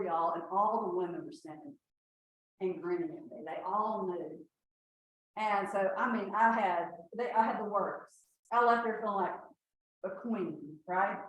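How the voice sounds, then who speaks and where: Sixties woman, lively folksy speaker; echoing hall, distant mic. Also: medium pitch, a little hiss or hum. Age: 60s. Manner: folksy, lively storyteller, laughs often. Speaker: retreat speaker. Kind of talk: inspirational talk to an audience.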